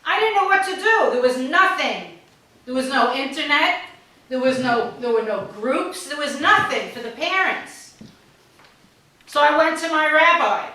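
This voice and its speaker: A woman in her sixties from New York, telling stand-up stories in a blunt, deadpan way and swearing freely. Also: sits high, a little slow. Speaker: stand-up comedian. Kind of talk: stand-up storytelling. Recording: very echoey hall, distant mic, faint noise.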